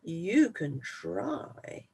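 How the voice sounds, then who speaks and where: The big, strong billy goat of the storybook answers calm and unhurried, without a trace of fear, as a storyteller puts him on. The voice has a gravelly grain, and every word comes out slow. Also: mid-range voice, voice pushed up, exaggerated voice. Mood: confident. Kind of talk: storybook read-aloud.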